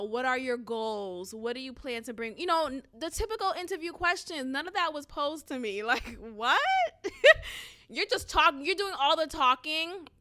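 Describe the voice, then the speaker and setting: A woman telling a story to camera in a casual rant, blunt and animated, swearing freely and laughing between lines. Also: high-pitched.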